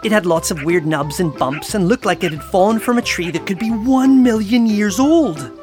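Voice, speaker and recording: A woman narrating a children's story in a playful, expressive way. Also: mid-range voice, normal speed. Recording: narration over clear music.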